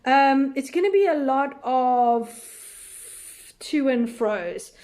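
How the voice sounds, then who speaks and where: Female host, a touch high-pitched, casual live Q&A, rambling and unsure. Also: lively intonation, slow pace, a little mellow. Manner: thinking aloud, many fillers, unsure and chatty. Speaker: recap show host answering viewer questions.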